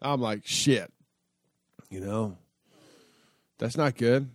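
A man's voice: medium pitch, extremely slow, no echo, studio quality. A man telling a long casual story in a rambling, profane way, full of fillers and restarts. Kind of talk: casual spoken anecdote.

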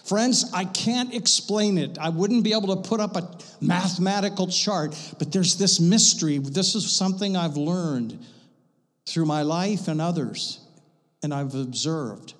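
A man preaching a sermon to his church, swinging from loud passionate bursts to hushed, intimate lines. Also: sits high, a little slow, in a large hall. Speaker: pastor. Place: church sanctuary.

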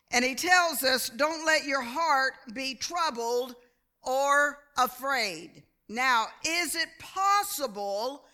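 A woman preaching a sermon in a slow, deliberate way, often calling for an amen from the listeners. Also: high voice, sharp tone. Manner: slow, deliberate delivery, calls for amens. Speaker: church speaker.

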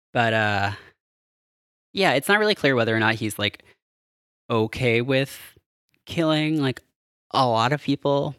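A man's voice: mid-range voice, a bit bright, no echo, clean studio sound. A man casually recapping a film as a podcast host, rambling and amused with lots of fillers. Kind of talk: casual chat.

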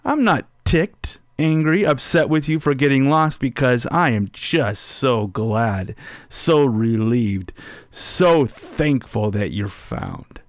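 Slow-speaking man preaching a sermon. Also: medium pitch, lively intonation, no room sound. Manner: conversational, asks listeners rhetorical questions; drops soft and slow on key phrases. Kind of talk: sermon with personal story.

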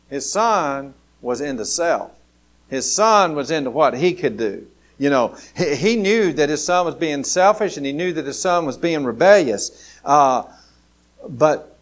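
A man from Alabama with a Southern American accent, preaching a sermon. He talks conversationally and repeats his key phrases for emphasis. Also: on the high side. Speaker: pastor.

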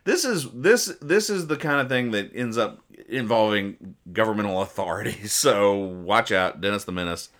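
A man's voice: on the low side, expressive, moderate pace, fairly bright tone. A man hosting a podcast, reading comic strips aloud in casual chat and joking in a dry, mock-serious way with many restarts.

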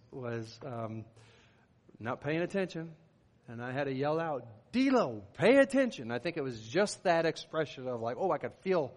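A man's voice: mid-range voice, in a large hall. A middle-aged man, a pastor, preaching a sermon in an earnest, conversational way, with rising emphatic bursts.

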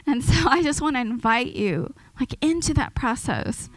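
A woman preaches in a relaxed, testimony-style sermon, earnest and chatty, with frequent restarts and light laughs. Her voice sits somewhat high, and the recording is close and dry with no room sound. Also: normal speed, no echo, low-quality recording. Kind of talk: informal sermon.

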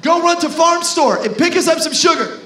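Man playing a bossy mother, stern, scolding, high voice, echoey church. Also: lively intonation, fairly quick, sharp tone, heavily acted. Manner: scolding, commanding.

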